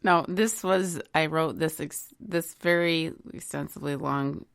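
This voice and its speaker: A woman co-hosting a casual recovery talk show, telling a story in a chatty, relaxed way. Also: deep voice, a little slow, gravelly. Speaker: podcast co-host. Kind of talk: casual chat.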